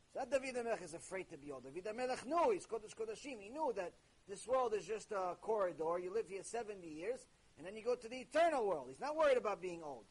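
Husky high-voiced male teacher. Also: fast talker, low-quality recording. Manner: animated, conversational, with sudden jokes. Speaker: religious teacher. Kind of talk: recorded ethics lecture.

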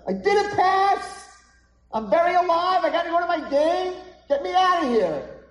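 A man's voice: a little high, expressive, quick pace, echoey room, close to an everyday voice, poor audio. A man voicing a stubborn teenage boy who keeps pleading to be let go. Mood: insistent. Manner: insistent, pleading shouts.

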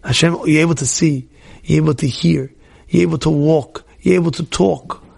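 A man leads an informal Torah class in a high, gravelly voice. He talks in an animated, repetitive way and keeps putting questions straight to his listeners. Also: normal speed. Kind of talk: informal Torah class talk to a live group.

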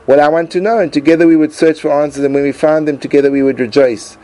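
A man and Torah teacher reading his own personal essay aloud in an earnest, emotive way with dramatic pauses. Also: fairly high pitch, fairly even intonation, dark tone, poor audio.

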